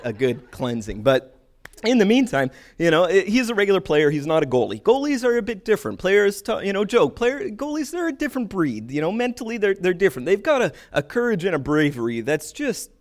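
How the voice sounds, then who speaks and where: A middle-aged man from Canada telling a rambling, animated story in a casual way, with many restarts. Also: on the high side.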